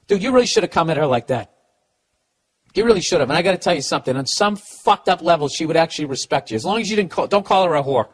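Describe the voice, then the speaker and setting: A man's voice: on the high side, expressive, fast talker. A middle-aged man with a Boston accent hosting a podcast, giving comedic advice in a profane, ranting way with stammering restarts. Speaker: podcast host.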